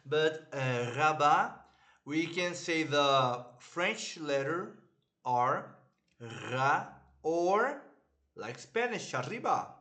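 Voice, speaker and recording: Slow, patient male Hebrew teacher. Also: on the high side, lively intonation, a bit bright. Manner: slow, patient, repeats words for students, clears throat often. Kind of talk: online language lesson.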